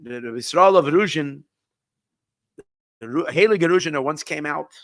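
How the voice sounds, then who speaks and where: A man, a rabbi, telling a long story in a halting way, often restarting and repeating words, with Yiddish words mixed in. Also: fairly high pitch, lively intonation, no echo, studio quality. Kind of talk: storytelling talk.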